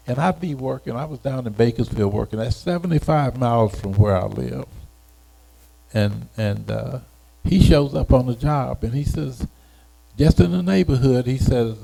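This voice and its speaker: An elderly man in his eighties recalls his past in an interview, his voice gravelly and very dark. He talks unhurriedly and haltingly, often circling back over his words. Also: medium pitch, poor audio. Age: 80s. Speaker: retired educator being interviewed. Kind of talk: reminiscing personal story.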